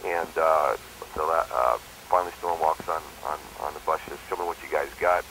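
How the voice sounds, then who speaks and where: A man's voice: rumbling low, a little fast, fairly bright tone, a little hiss or hum, poor audio. A man who works as a stuntman, telling a story in a casual phone interview and jumping into quoted voices. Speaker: stuntman and performer.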